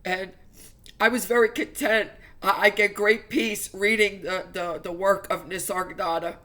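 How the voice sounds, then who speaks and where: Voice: mid-range voice, steady tone, moderate pace, pushed and bright. A religious vlogger giving an emotional personal testimony to viewers, speaking earnestly and fervently with stumbling restarts.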